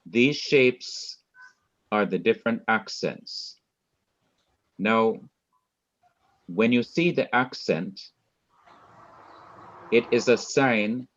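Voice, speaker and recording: A man with a Jamaican accent teaching a Hebrew lesson, speaking deliberately, repeating key words and quizzing his students. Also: fairly low pitch, fairly bright tone. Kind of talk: online Bible language lesson. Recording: dull lo-fi sound.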